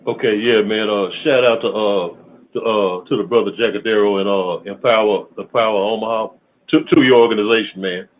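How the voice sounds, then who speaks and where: A relaxed man talks casually on a podcast livestream and often ends phrases with "man". He comes through a narrow, tinny phone line. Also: on the low side, normal speed. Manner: laid-back, says "man" at the end of phrases.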